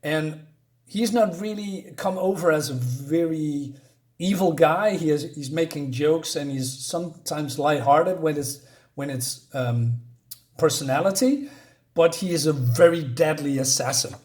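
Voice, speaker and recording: Chatty man reviewing comics, higher voice. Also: unhurried, a little mellow. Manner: chatty, chuckles at his own jokes, many fillers. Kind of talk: casual spoken review.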